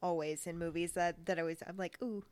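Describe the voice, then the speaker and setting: Woman, lowish voice, dry sound, lively storyteller among friends on a podcast. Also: a little fast, dry recording. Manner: animated storytelling, quotes people loudly. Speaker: podcast co-host. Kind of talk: casual chat.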